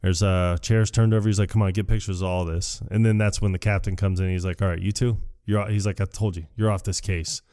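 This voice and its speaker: Guy on a movie podcast, kinda low mellow voice, keeps jumping way up to act out the lines. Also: quick pace, hardly any pauses. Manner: animated retelling, jumps high to act out quoted lines, laughs often. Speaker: podcast co-host. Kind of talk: casual movie recap chat.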